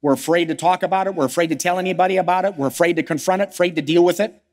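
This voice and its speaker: A man's voice: high-pitched, rapid-fire, in a large hall. A man preaching a sermon as pastor, firing off rhetorical questions and acting out the voices of struggling believers. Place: church sanctuary.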